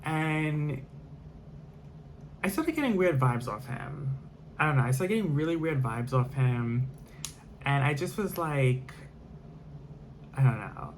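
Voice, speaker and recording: A man's voice: fairly high pitch, expressive, slow, long pauses, slight background noise. A man telling a personal story in a casual monologue, rambling with lots of fillers and restarts.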